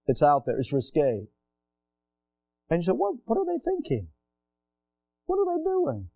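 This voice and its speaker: A man preaching a sermon, reading scripture aloud and asking his congregation questions, swinging between quiet asides and loud emphatic rises. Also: a little high, no room sound. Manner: reads scripture aloud in old-fashioned wording. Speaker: pastor.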